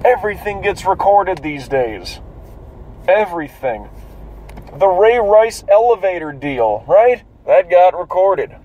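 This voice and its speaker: Guy talking to himself while driving, kinda sleepy, swears a lot, bit high voice, loud road hum. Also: big pitch swings, slow, dull audio. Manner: profane, rambling, self-amused. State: drowsy, yawning. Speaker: vlogger musing while driving. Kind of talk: casual rambling monologue. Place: in a car, driving. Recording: loud car road noise.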